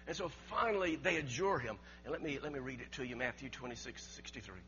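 A man preaching a sermon with emphasis, rising loud and dropping quiet in turns. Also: medium pitch, lively intonation, fast. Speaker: pastor. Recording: dull lo-fi sermon recording with faint mains hum.

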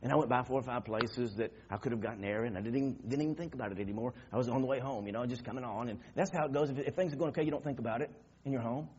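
A man preaching a sermon, telling a story that swings from quiet murmurs to loud shouting. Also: mid-range voice, rapid-fire, few pauses, lo-fi sound, a little hiss or hum.

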